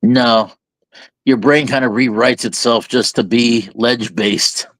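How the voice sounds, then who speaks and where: A man's voice: mid-range voice, steady tone, measured pace, a bit bright, no echo. Reflective man speaking in metaphors, dry sound. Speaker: podcast co-host. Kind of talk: candid conversational talk.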